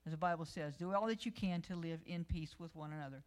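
A woman's voice: low-pitched, fast, a little mellow. A middle-aged woman preaching a sermon, telling personal stories and reading scripture with rising emphasis.

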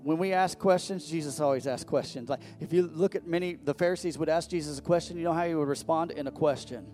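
A man's voice: fairly high pitch, quick pace, dark tone, faint music behind. A man preaching a sermon as pastor, talking conversationally and breaking into sudden emphatic rises.

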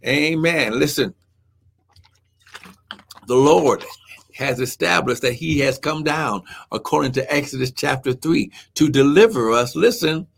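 A man's voice: on the high side, measured pace, gravelly, slightly rough. A man preaching a live-streamed sermon, fervent and full of "amen" and "glory" exclamations, who talks to viewers while looking up his verses.

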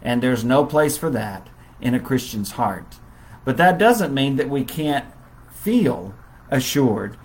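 A man preaching in a relaxed, conversational Bible study style, with many fillers. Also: mid-range voice, takes it slowly, poor audio. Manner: conversational, warm storytelling with fillers.

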